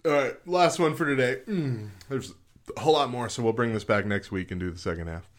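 A man's voice: mid-range voice, brisk. A man co-hosting a podcast in casual chat, chatty and self-mocking and laughing often. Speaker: podcast co-host.

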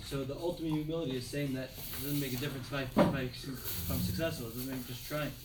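A man student slowly and hesitantly raising a point during a class talk. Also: medium pitch, steady tone, reverberant, distant mic, very noisy. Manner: hesitant, soft-spoken. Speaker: student asking a question.

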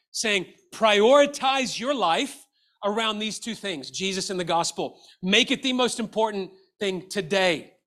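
Middle-aged male pastor, high ringing voice, earnest exhortative sermon delivery. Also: pushed and bright. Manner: earnest and exhortative, with rhetorical questions.

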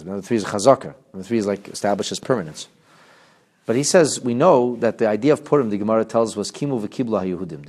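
A man teaching a Torah class, talking in a lively way, asking his listeners rhetorical questions and often restarting and repeating words as he explains. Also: on the low side.

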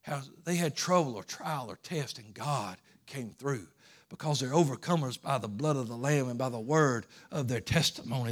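A male pastor, teaching Sunday school, swinging from soft hushed asides to impassioned crescendos. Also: medium pitch, normal speed. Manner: impassioned preaching, builds to fervent crescendos.

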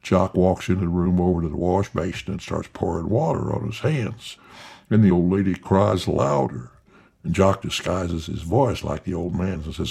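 A man telling a folksy tall tale in an unhurried, drawling yarn-spinning manner. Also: sits low, gravelly, mellow, breathy edge. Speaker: storyteller.

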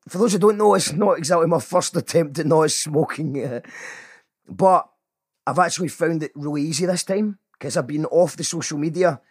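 Scottish male host, husky, slightly high, rambling and self-deprecating, jumps from announcer voice to mutters. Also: dry recording, clean studio sound. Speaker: radio show host. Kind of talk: casual solo podcast talk.

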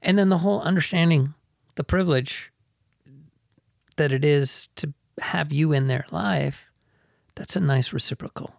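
Gravelly-voiced man podcast co-host. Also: a little high, a little slow, long pauses, no room sound, clean studio sound. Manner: reflective, meandering, trails off. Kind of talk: casual podcast chat.

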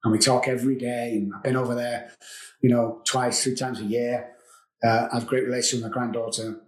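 A man's voice: mid-range voice, level tone, fairly quick. A man, a guest telling his own recovery story in an earnest, confessional way and repeating phrases for emphasis. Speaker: guest, addiction recovery expert. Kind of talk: emotional personal storytelling. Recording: roomy echo.

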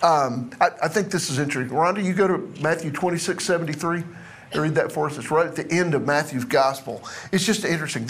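A man teaching a Bible class to a group in a classroom, chatty and self-deprecating. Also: a little high.

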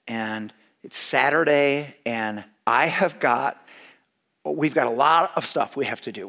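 A middle-aged man telling a humorous story to an audience, lively and full of restarts. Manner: animated, with big swings in pitch and loudness; repeats and restarts phrases as he talks.

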